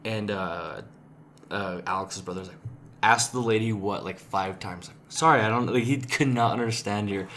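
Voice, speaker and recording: A man's voice: fairly low pitch, moderate pace, fairly bright tone, a little hiss or hum. A young man co-hosting a podcast in casual chat, a bit tipsy, rambling, swearing and hunting for words. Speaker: podcast co-host.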